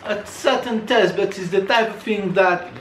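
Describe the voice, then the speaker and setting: A woman's voice: medium pitch, moderate pace, roomy sound, a little hiss or hum, poor audio. A woman making playful comments in casual chat at home.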